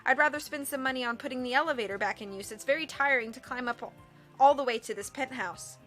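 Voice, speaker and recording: A woman reading aloud and voicing a mild, meek husband who speaks gently and apologetically. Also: sits high, fast, faint music behind. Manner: soft-spoken, apologetic. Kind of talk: audiobook character voice.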